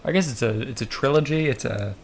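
A man's voice: medium pitch, fast. A young man co-hosting a podcast in casual chat, hesitant and full of fillers. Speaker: podcast co-host.

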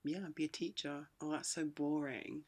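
A woman's voice: low voice, little pitch movement, moderate pace, very noisy. A young woman in her twenties co-hosting a podcast, chatting playfully and laughing often. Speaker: podcast co-host. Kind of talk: casual chat.

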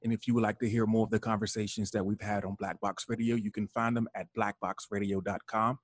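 A man's voice: lowish voice, dry recording, studio quality. A man co-hosting, reading the show's closing plugs in an upbeat, announcer-like way. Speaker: co-host. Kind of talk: scripted show outro.

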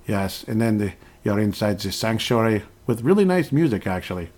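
A man with a slightly low voice, giving casual let's-play commentary into a desk mic. He rambles, makes asides and pokes fun at himself as he plays. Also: very animated, moderate pace, few pauses, a little mellow. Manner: rambling and self-deprecating, with frequent laughs and asides. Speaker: gameplay commentator.

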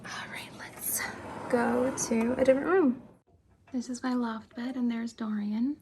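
A young woman in a soft, chatty, giggly whisper, giving an ASMR house tour of her home. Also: a little high, a little slow, pauses often. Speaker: ASMR creator. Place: home, indoors. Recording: steady background hiss with clicks.

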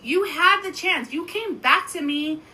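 A woman's voice: very high voice, unhurried, sharp tone, low-quality recording. A woman in her thirties, co-hosting a podcast, telling a long story in casual, profane chat. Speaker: podcast co-host.

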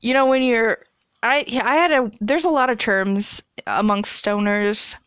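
Woman, twenties, profane casual storytelling, crisp, close and dry. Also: on the high side, unhurried, a bit bright, no echo. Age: 20s. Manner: profane, laughing, chatty storytelling.

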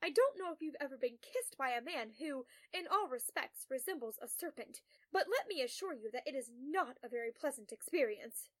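Wry, high-voiced woman narrating. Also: expressive, moderate pace, few pauses, no echo. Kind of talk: first-person story narration.

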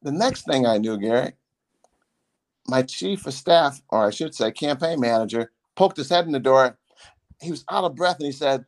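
An emphatic man in his sixties speaks at a medium pitch, a former congressman telling stories to his son. He retells events casually and animatedly. He repeats key phrases for weight. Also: lively intonation, normal speed. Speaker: former congressman hosting a podcast.

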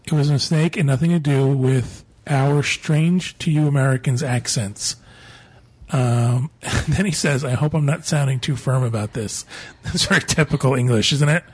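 A man's voice: medium pitch, normal speed, husky. A man co-hosting a podcast, reading listener email aloud in a casual, joking way. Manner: joking, laughs often. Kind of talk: casual chat.

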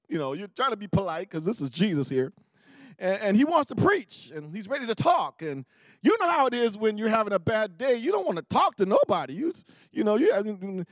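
High-voiced, animated male preacher. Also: fairly quick, no room sound, studio quality. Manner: animated storytelling, acting out voices. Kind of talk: sermon.

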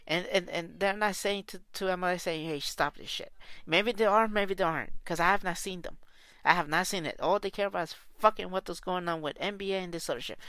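A woman's voice: fairly low pitch, fast, a bit bright, no echo. Woman, angry sports rant, heavy cursing, repeats herself, dry close sound. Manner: heated, profane, repetitive. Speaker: soccer fan podcaster.

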